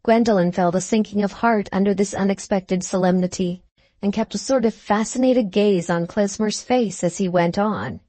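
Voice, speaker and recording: Measured woman narrating a classic novel. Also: medium pitch, mellow, no echo. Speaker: audiobook narrator.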